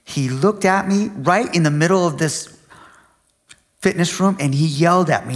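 A middle-aged male pastor preaching in a church, his voice sitting a bit high for a man. He tells stories with lively, animated energy and bursts into loud acted-out lines. The sound carries a long reverb from a big hall. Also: moderate pace. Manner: animated storytelling, acting out shouted quotes. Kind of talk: sermon with personal story.

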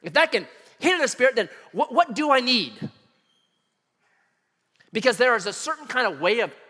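A man's voice: very high-pitched, moderate pace, in a large hall. A man preaching a sermon, telling personal stories and acting out the voices of the people in them. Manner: animated storyteller, acts out quoted voices. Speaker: pastor.

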